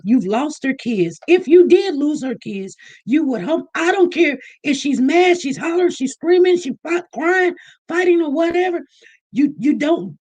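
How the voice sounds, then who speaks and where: A woman giving casual commentary on a vlog, animated and repeating herself as she mimics other people. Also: high-pitched. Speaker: online news commentator.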